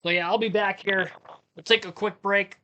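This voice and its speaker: A man's voice: sits high, fairly even intonation, normal speed, pushed and bright, muffled recording. Chatty man hosting a live race stream. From Ohio. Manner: rambling, laughs while talking, self-correcting. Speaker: livestream host. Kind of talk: casual live commentary chat.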